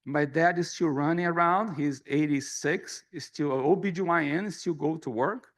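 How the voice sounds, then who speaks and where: A man's voice: fairly high pitch, normal speed. A middle-aged man from Brazil with a Brazilian Portuguese accent, giving an earnest, self-deprecating presidential speech at a conference. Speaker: society president giving an address. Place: conference hall.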